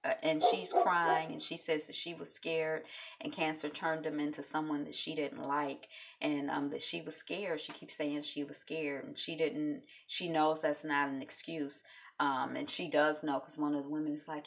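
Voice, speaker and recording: A woman hosting a casual video recap of a reality show, chatty and animated, with many fillers. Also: deep voice, moderate pace, creaky.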